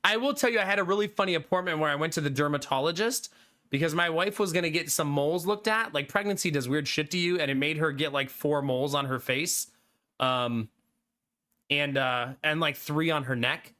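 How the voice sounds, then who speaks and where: A male streamer with a high, bright voice chats loosely with his live viewers. He keeps things easygoing and breaks into laughter often. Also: brisk. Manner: laid-back and chatty, laughing often. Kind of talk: casual chat with live viewers.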